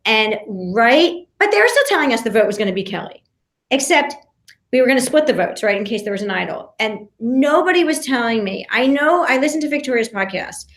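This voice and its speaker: A woman guest on a podcast, telling a story in an animated way, with many restarts and acted-out quotes. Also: on the high side, reverberant. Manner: talks fast with many restarts and fillers, acts out quotes. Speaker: podcast guest, reality show contestant.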